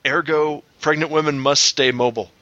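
A man rattles off jokes and stories at a quick clip, his voice bright and a touch high. He laughs easily in casual chat with friends. The sound is dry and close. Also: steady tone, dry recording, dull audio. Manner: joke-telling, laughs a lot. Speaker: podcast host. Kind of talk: casual comedy podcast chat. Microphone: headphones and desk mic, remote call.

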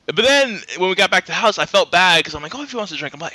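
A man's voice: high-pitched, lively intonation, rapid-fire, bright, forceful tone, no room sound. A man casually telling rambling stories among friends, laughing often and acting out what people said. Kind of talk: casual storytelling chat.

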